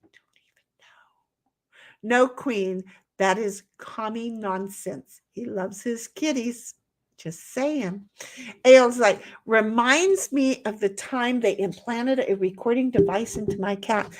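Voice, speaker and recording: A woman's voice: on the high side, slow pace. Chatty, blunt Southern woman streamer. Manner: chatty, blunt, swears freely, trails off mid-sentence. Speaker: livestream host reading chat. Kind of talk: casual rambling chat.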